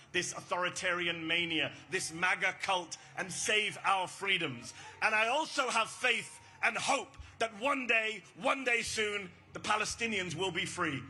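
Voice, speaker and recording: A man giving an impassioned, rousing protest speech at an outdoor rally, shouting slogans and leading call-and-response. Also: high voice. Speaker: rally speaker.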